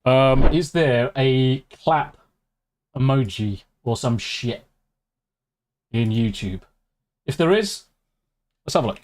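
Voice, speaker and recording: A British man chatting casually on a live stream. He reacts excitably to chat and swears freely. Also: medium pitch, takes it slowly, long pauses. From United Kingdom. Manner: excitable, swears freely, talks while eating.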